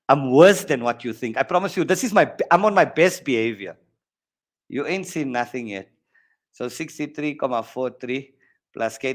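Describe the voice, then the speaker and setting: A man from South Africa with a South African English accent, teaching an online maths workshop, joking and rambling in excitable asides. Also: medium pitch.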